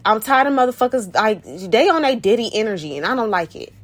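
A woman's voice: on the high side, expressive, fairly quick. Blunt, profane woman ranting. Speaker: podcast host.

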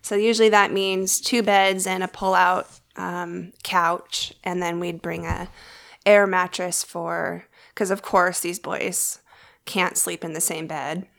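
A woman's voice: lowish voice, level tone, slow, gravelly, fairly bright tone. A woman co-hosting a podcast in casual chat with her husband, chatty and easygoing. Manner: chatty, easygoing, laughs often. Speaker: podcast co-host.

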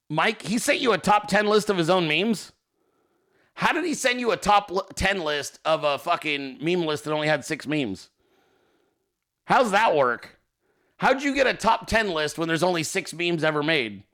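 Male podcast host, casual and profane, jokey, lively swooping delivery, fairly high voice, a tense, sharp edge to the tone. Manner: profane, joking, quick to laugh.

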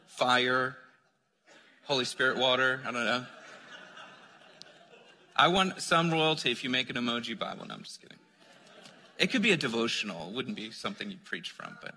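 A man preaching a sermon, conversational and joking, dropping to a soft voice when he reads scripture. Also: mid-range voice, normal speed, long pauses. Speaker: pastor. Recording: long hall reverb.

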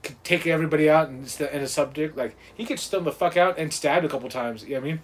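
A man co-hosting a podcast, chatting casually and excitedly about a movie, swearing often and acting out the scenes. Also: fairly high pitch, fast, a little hiss or hum. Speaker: podcast co-host.

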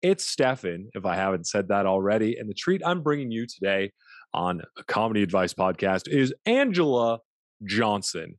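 A man's voice: lowish voice, big pitch swings, normal speed, no room sound, clean studio sound. A man hosting a podcast, delivering a playful, teasing intro and chatting with his guest. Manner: goofy, teasing, playful asides. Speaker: podcast host. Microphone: studio mic, video call.

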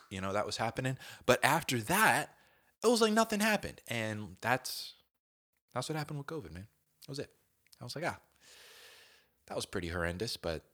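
A man in his thirties tells a comic story with a lively, swooping delivery. His voice is fairly low but bright and forceful. He acts out his own groans and quoted lines, peppering them with "dude.".

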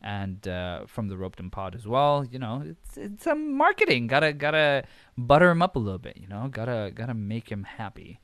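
A man's voice: lowish voice, expressive, moderate pace, no echo. A man hosting a solo podcast, casual and rambling, swearing freely and correcting himself as he goes; he says he keeps switching between accents. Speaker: podcast host.

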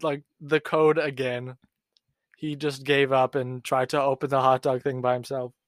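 A man's voice: medium pitch, level tone, no echo. Rambling man with a dry, close sound. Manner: rambling, halting, many restarts and fillers. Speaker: podcast co-host. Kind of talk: casual podcast chat.

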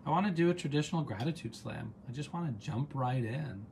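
A man's voice: medium pitch, animated, brisk, darkish tone, slight background noise. Chatty man leading a gratitude session. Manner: chatty and encouraging, reads chat comments aloud, rambles into side stories. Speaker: host and coach leading a live online session. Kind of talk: casual guided gratitude practice on a livestream.

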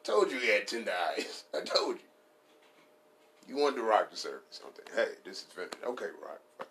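Guy with a lowish voice doing a rambling cussing comedy rant, cracks himself up. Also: very animated, moderate pace, a bit bright, slight background noise. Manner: profane, rambling, laughs at his own jokes, sudden high-pitched character voices.

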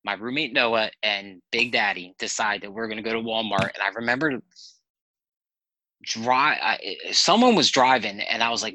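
As a podcast guest, a man with a very bright, forceful mid-range voice tells loose, animated stories at a moderate pace, swearing freely and jumping between thoughts. The rough recording is dry and close, with no room sound at all.

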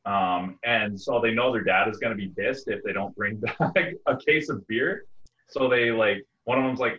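A low-pitched man in relaxed podcast chatter, stringing his thoughts together with "like". The audio is dull and lo-fi. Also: normal speed. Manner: laid-back, peppers speech with "like". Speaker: podcast co-host. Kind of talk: casual chat about movies.

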